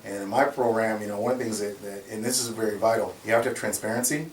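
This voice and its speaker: A man who runs a security company, telling stories in an animated way and laughing often as he talks. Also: fairly low pitch, fast talker. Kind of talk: conversational storytelling. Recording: roomy, distant mic, faint noise.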